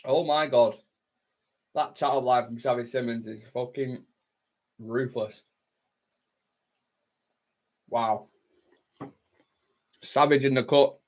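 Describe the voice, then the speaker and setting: A man's voice: medium pitch, steady tone, slow, pauses often. A young man from Manchester, hosting a casual football watchalong livestream, swearing and bantering with his chat close to the mic. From Manchester, England. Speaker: fan channel livestream host. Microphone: close mic, eating into it.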